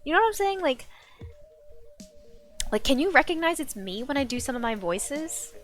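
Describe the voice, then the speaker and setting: A woman streamer chatting casually and excitably while she plays, swearing now and then. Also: high voice, moderate pace, faint music behind. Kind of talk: casual live gaming chat.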